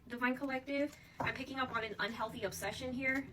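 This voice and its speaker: A woman's voice: fairly high pitch, fast, distant mic, rough recording. A woman giving a casual tarot reading, chatting to her viewers and often calling them "Divine Collective". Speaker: tarot reader.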